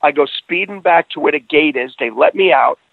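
A middle-aged man with a gravelly, somewhat high voice tells his story earnestly, stumbling and restarting as feeling rises. The sound is thin and phone-like, with no room around it. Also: fairly quick, dry recording. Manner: earnest storyteller who restarts phrases and grows emotional. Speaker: guest telling a personal story. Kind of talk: casual conversation.

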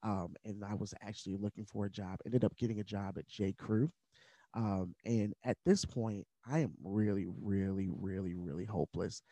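Guy on a podcast talking through his story, kinda low voice, earnest and candid, dry close sound. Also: steady tone, moderate pace, dark tone, no echo. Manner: earnest, candid, at times emotional; conversational with fillers like uh and like. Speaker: podcast guest. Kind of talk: personal storytelling in conversation.

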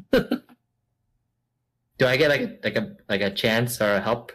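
A man's voice: mid-range voice, expressive, unhurried, fairly bright tone. A man co-hosting a casual podcast, joking and laughing often. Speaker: podcast co-host. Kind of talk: casual chat.

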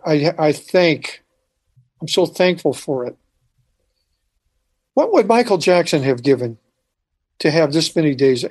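A man telling a personal story in conversation, halting with frequent restarts and dropping quiet at moments. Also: fairly high pitch. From United States. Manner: halting, restarts often, quiet when recalling. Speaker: speaker telling his life story.

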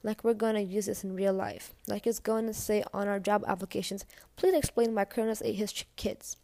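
A woman's voice: medium pitch, steady tone, a little fast, warm tone, no room sound, natural voice. A woman voicing a snarky schoolgirl who mutters mocking remarks.

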